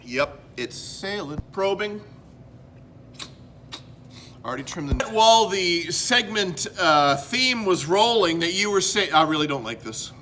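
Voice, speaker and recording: High, lively-voiced man from Canada. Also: a little slow, slight background noise. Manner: rambling, self-interrupting, chatty. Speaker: host. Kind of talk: casual collectibles show-and-tell.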